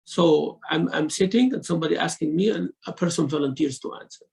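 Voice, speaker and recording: A man giving a religious lesson, mixing quick recitation into his English explanations and acting out examples of speech. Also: on the high side, creaky, darkish tone, poor audio. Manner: mixes Arabic recitation into English teaching, acts out rude and polite speech. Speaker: sheikh teaching Quran commentary.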